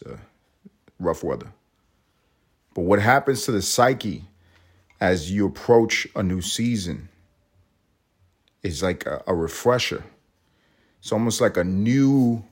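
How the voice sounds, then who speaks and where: A man in his thirties hosting a solo podcast, rambling casually and swearing constantly between jokes. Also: on the low side. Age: 30s. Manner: rambling, profane, joking. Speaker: podcast host.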